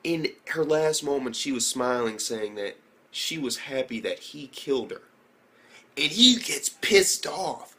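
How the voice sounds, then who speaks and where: A young man casually reviewing an anime episode, excitable and profane, often jumping into exaggerated character voices. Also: medium pitch, unhurried.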